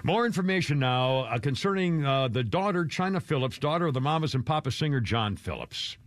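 A man's voice: on the high side, animated, a little fast. A man hosting a radio show, talking casually in a rambling, chuckling way with many restarts.

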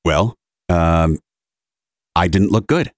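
A man's voice: sits low, takes it slowly, dry recording. A man in his thirties co-hosting a casual podcast, telling stories animatedly and acting out what people said. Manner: animated storyteller, acts out quotes in big voices. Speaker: podcast co-host. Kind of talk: casual chat. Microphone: studio mic at a console.

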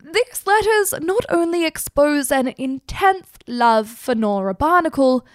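A woman's voice: high voice, expressive, a little slow, dry recording, studio quality. A woman hosting irreverent literary commentary, speaking crudely and laughing often as she talks. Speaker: host.

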